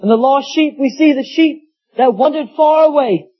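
A man's voice: very high-pitched, moderate pace. A man preaching a sermon, telling folksy stories with acted quotes. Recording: dull lo-fi sound.

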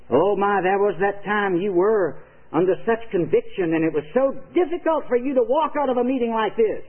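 An older male preacher with a high voice gives an earnest, emphatic evangelistic sermon and tells stories as he goes. The sound is thin and phone-like, like an old radio broadcast. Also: lively intonation, a little fast.

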